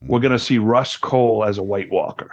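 A man co-hosting a casual TV recap podcast, relaxed and joking. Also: on the low side, fairly quick, no echo. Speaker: podcast co-host. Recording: dull, muffled podcast audio.

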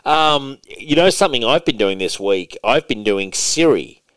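A man's voice: medium pitch, expressive, moderate pace, a bit bright, no echo. A man from Australia hosting a casual podcast chat, joking and easygoing as he leads the talk. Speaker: podcast host.

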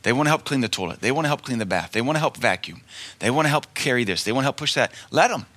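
A man's voice: mid-range voice, lively intonation, rapid-fire, bright, forceful tone. A man preaching a sermon in an emphatic, folksy way, repeating his key lines and telling stories.

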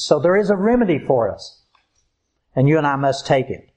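A man preaching a sermon in an earnest, emphatic way, slowing down to stress key points. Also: fairly high pitch, lively intonation.

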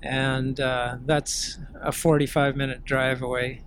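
A man being interviewed, recounting family memories in a gentle, unhurried way. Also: mid-range voice, level tone, slight background noise. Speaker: interview guest. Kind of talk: storytelling in an interview.

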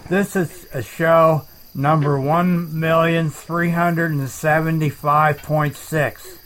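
Deadpan rambling man, slightly high voice. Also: slow pace, slight background noise, rough recording. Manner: deadpan, rambling, makes up words. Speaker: podcast host. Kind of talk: rambling comedic chat.

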